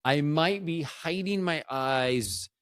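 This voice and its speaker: A man's voice: on the high side, slow, a bit bright, smooth, no room sound, studio quality. Rambling, jokey man in his fifties. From Tampa Bay, Florida, USA. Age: 50s. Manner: rambling, self-interrupting, jokey. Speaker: podcast host. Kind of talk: casual solo chat.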